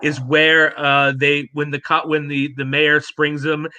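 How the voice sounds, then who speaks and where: A man's voice: on the high side, flat delivery, a little slow, bright, forceful tone, a little hiss or hum. A man co-hosting a podcast, amused and laughing often as he retells a favorite movie scene. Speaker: podcast co-host. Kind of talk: casual movie chat.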